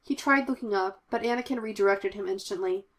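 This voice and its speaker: A woman narrating an audiobook of fan fiction with a measured, expressive reading. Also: mid-range voice.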